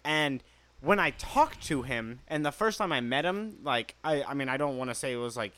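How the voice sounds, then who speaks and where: A man's voice: mid-range voice, lively intonation, moderate pace, a bit bright. A young man rambling through a casual podcast chat, swearing freely and laughing at his own stories.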